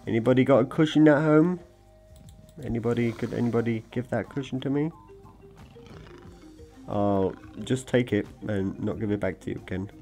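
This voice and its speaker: A man in the middle of his range, drawling through casual game commentary with an unhurried pace. He rambles and jokes, often talking straight to the creatures on screen, with faint music underneath. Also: medium pitch, warm tone. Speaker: gaming video creator. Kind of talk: casual let's-play commentary.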